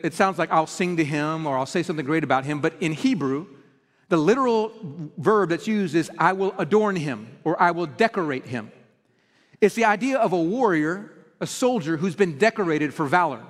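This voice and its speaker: A man preaching a sermon as pastor, telling stories with animated energy and often restarting his words. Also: high-pitched, long reverb tail.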